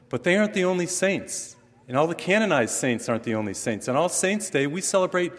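A middle-aged man from western Massachusetts, a priest preaching a sermon with animated emphasis and light humor. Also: a little high. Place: church. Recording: long reverb from a large hall.

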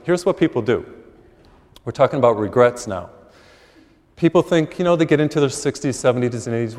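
A man delivers a sermon in a church, his mid-pitched voice trailing into a long, ringing reverb. He preaches in a conversational way, easing into folksy stories and asides. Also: lively intonation, a little fast, long pauses, a little mellow. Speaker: priest.

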